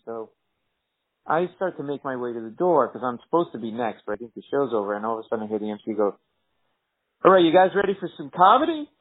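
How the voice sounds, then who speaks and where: A male comedian telling lively anecdotes in a podcast interview, acting out the people in his stories. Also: fast. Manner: animated, acts out quoted characters in higher voices. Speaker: comedian guest. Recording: tinny phone-like audio.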